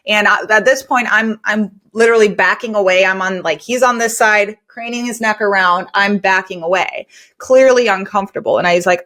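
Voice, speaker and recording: This is a woman hosting a podcast, talking candidly and earnestly. Her delivery is loose and conversational, with plenty of "like" and restarts, and her pitch sits in the middle of the range. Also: fairly even intonation, brisk, fairly bright tone. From United States. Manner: earnest, conversational, filler-heavy. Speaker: cleaning business owner and podcast host. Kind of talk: candid storytelling podcast talk.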